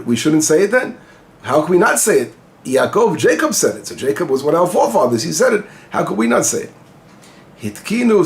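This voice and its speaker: A male rabbi giving an informal Torah lesson, explaining Hebrew phrases and translating them as he goes, asking questions and answering them himself. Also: on the high side. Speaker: rabbi teaching the weekly Torah portion.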